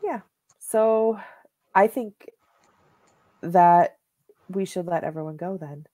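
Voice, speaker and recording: A woman's voice: fairly low pitch, slow pace, warm tone, no echo. A woman co-hosting a knitting show, chatting casually and showing yarn and fabric to the camera, rambling with many "like"s and "um"s.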